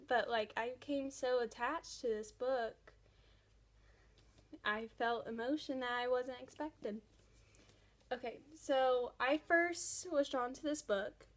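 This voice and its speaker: A young woman vlogging casually about a book series she loves, gushing with enthusiasm. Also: high voice. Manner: gushing, enthusiastic fan talk. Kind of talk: casual chat.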